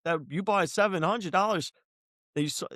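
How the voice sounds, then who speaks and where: A man's voice: high voice, fairly quick, pushed and bright, no room sound, clean studio sound. A man co-hosting a casual podcast, worked up and ranting, swearing freely as he argues his point. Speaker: podcast co-host. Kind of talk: heated casual podcast discussion.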